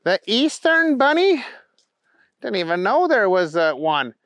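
A man voicing an excitable, hot-dog-loving adult man who wails in a high, whiny squeal. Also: a little slow, no room sound, exaggerated voice. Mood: flustered.

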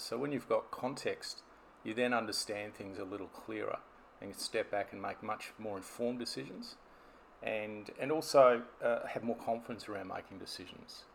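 A man's voice: lowish voice, moderate pace, vocal fry, a little hiss or hum. A man, a business coach telling stories and explaining ideas in a podcast conversation. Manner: storytelling, explanatory.

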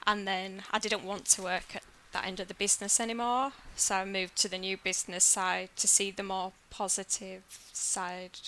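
A woman's voice: medium pitch, level tone, normal speed, few pauses, sharp tone, a little hiss or hum. A woman with a Yorkshire accent, a business development manager explaining her work plainly as a podcast guest. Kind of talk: podcast interview answers.

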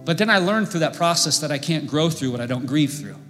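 A man's voice: fairly high pitch, expressive, fairly quick. Impassioned man preaching in a reverberant hall. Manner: impassioned, builds to loud emphatic peaks. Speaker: pastor. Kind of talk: sermon. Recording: long reverb with faint music.

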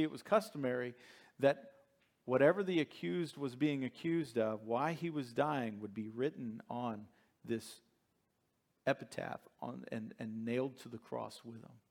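A man preaching a sermon as pastor, reading scripture dramatically and moving between hushed and emphatic delivery. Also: medium pitch, creaky.

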